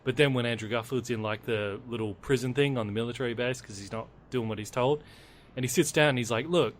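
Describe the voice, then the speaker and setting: A man co-hosting a podcast, chatting casually about movies in a relaxed way. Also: mid-range voice, fast, slight background noise. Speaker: podcast co-host. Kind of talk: casual movie review chat.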